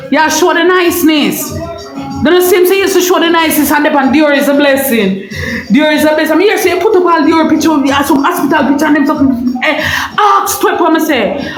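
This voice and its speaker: Fiery Jamaican woman ranting, high voice. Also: roomy sound, rough recording. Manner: loud and confrontational, repeats herself, often breaks into shouting. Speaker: online personality ranting on a live stream. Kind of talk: heated live-stream rant.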